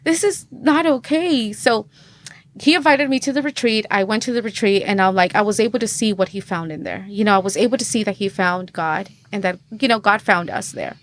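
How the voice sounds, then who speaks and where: She talks fast, at medium pitch, with barely a pause: a podcast guest in her thirties giving a personal testimony in casual conversation. Chatty and heavy on fillers, she acts out the dialogue she quotes.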